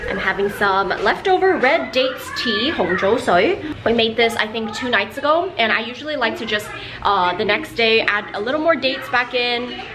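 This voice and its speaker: A woman's voice: fairly high pitch, moderate pace, over music. Chatty young woman vlogging at home. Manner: chatty, animated storytelling. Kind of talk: casual vlog chat.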